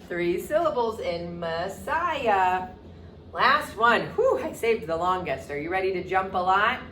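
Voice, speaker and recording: Animated sing-song preschool teacher woman. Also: a little slow, a little hiss or hum. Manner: exaggerated, sing-song teacher talk with big pitch leaps. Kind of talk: virtual circle time lesson for young children.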